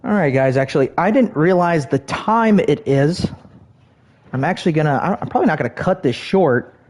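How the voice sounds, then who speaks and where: A man's voice: on the high side, expressive, normal speed, darkish tone. Rambling, swearing male game streamer. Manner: rambling, profane, heavy on fillers. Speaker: gaming streamer. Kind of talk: rambling livestream chat while gaming.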